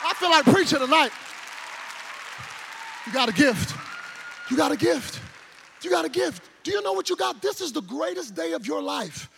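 A man preaching a sermon, telling a childhood story and then shouting and calling the congregation to answer back. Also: very high-pitched, normal speed, vocal fry, pauses often, a little hiss or hum. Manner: animated, shouting and call-and-response with the crowd. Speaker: pastor.

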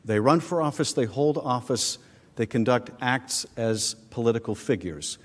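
A man with a medium-pitched voice speaks at a normal speed but with animation, presenting a formal legal argument as prosecuting manager. He stands at a podium microphone in a large chamber, earnestly pressing his points, and the recording carries a long reverb.

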